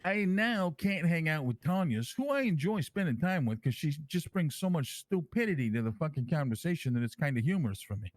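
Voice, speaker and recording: Male player as a swaggering, foul-mouthed mob king; rambling, animated talker, slightly high voice, dry sound. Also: a little fast, few pauses, dry recording, lightly acted. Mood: boastful. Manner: rambling storyteller, swears constantly, lively and animated. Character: brash crime-family man calling himself king, crude. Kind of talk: online role-play in character.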